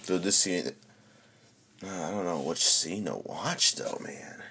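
A young man chatting casually while streaming, excitable and swearing constantly, swinging from mumbling to shouting. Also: sits low, slow pace, gravelly, a little hiss or hum. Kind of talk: casual profane livestream chatter.

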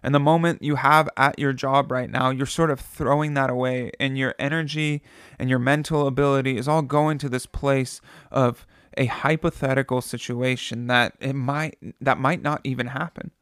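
A man's voice: medium pitch, fairly even intonation, normal speed, a bit bright, smooth, no echo. Earnest man preaching in a dry room. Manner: earnest, conversational, repeats phrases for emphasis. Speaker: pastor. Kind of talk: sermon.

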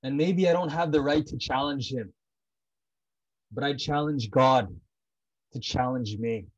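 A man's voice: medium pitch, a little slow, slightly rough, muffled recording. A man talking about prayer in a heartfelt, personal way. He is intense and blunt, repeats himself, and swears freely.

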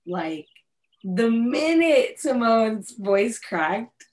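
A woman's voice: on the high side, very animated, drawn-out words, darkish tone. A woman co-hosting a podcast in casual, emotional chat, swearing freely and talking with feeling. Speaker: podcast co-host.

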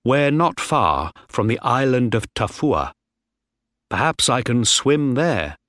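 A man's voice: mid-range voice, very animated, slow, a bit bright, dry recording, studio quality. A man voicing a desperate ship officer who turns into a determined mutineer. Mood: despairing. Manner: tense, determined.

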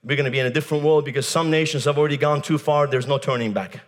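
A man preaching a fiery sermon, shouting, breaking into tongues and mocking laughter. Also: on the high side, fairly even intonation, rapid-fire. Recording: long hall reverb.

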